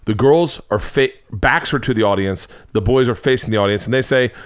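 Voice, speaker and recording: A man in his forties hosting a podcast, telling a comic story in a casual, profane, animated way. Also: medium pitch, a little fast, clear, resonant tone. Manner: animated, profane, acts out other people's lines. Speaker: podcast host.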